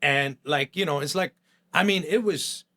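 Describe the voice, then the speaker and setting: A middle-aged man from New Jersey tells his story in a blunt, streetwise way, full of profanity. His voice sits a little on the higher side, and he slips into quoted voices as he talks. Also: moderate pace, sharp tone. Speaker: podcast guest, chef.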